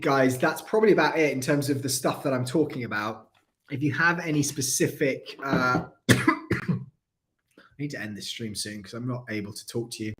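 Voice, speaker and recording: A man's voice: mid-range voice, a bit bright. A man hosting a casual livestream, chatty and rambling, with a dry throat and frequent coughs. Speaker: airsoft channel host.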